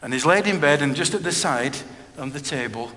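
This middle-aged man's voice is fairly high and bright, forceful and brisk, with lively intonation as he preaches a personal testimony sermon. He speaks earnestly and plainly, repeating phrases often, in a reverberant hall with faint background noise.

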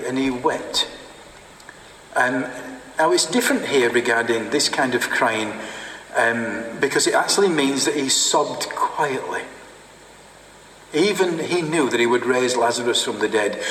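Male preacher, unhurried and halting, distant mic, long hall reverb. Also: medium pitch, a bit bright, a little hiss or hum. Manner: halting, with fillers and repeated words. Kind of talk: sermon. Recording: echoey hall from far off.

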